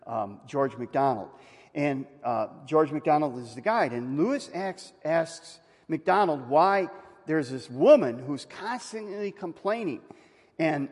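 Male pastor, slightly high voice, chatty sermon with big emphatic swells, reverberant hall. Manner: conversational, rising to loud emphatic peaks; asks the congregation questions.

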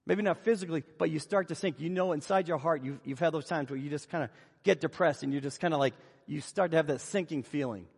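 A man delivering a sermon and retelling Bible scenes with animated storytelling. His voice sits high and has a husky edge. The sound rings with the long reverb of a large hall. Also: quick pace. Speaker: preacher.

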